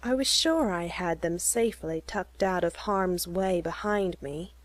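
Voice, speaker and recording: A woman narrating a first-person story slowly and clearly for English learners. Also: lowish voice, no echo.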